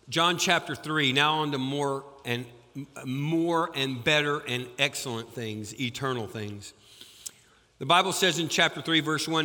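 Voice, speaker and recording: A male pastor delivers his sermon with a bright, ringing voice pitched a touch high. His throat is sore, and his words carry a long echo through the church hall. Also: a little slow. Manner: folksy, rises in pitch and volume reading scripture. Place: church sanctuary.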